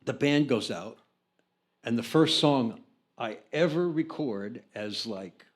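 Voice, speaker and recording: An older American record producer telling anecdotes in an interview, acting out the people in his story with lively changes of voice. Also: medium pitch, slow pace. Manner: animated storyteller, acts out other people's lines.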